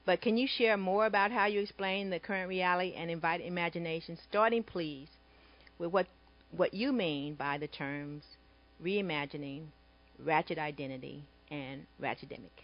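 Measured female panel moderator. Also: lowish voice, lo-fi sound. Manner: measured, with frequent "uh" fillers.

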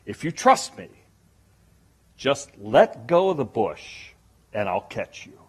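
A man voicing God as a deep, booming, calm voice from heaven in a told joke. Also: husky, exaggerated voice. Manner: calm, slow, unhurried.

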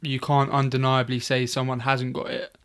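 A man's voice: medium pitch, monotone, moderate pace, a bit bright. A man in casual podcast chat, earnest, often asking "you know what I mean".

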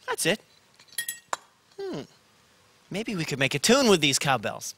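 A playful man presenting children's television, speaking straight to the young audience. His voice sits high and leaps up and down with great animation, and he takes his time over each line. Loud backing music plays underneath him. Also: wildly swooping pitch, measured pace, long pauses, background noise. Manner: bouncy, sing-song, talking to the audience.

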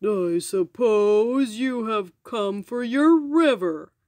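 A woman voicing a boastful male giant in a storybook reading, speaking slowly and mockingly. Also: lively intonation, a little mellow, dry recording. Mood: gloating. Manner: slow, booming, mocking.

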